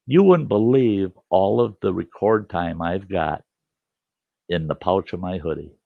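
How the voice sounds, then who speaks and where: An older man hosting a casual campfire storytelling session spins a camp yarn in a low, gravelly voice. He grows animated acting out arguments, even yelling at his camera, and the recording is dry and a little dull with no room sound.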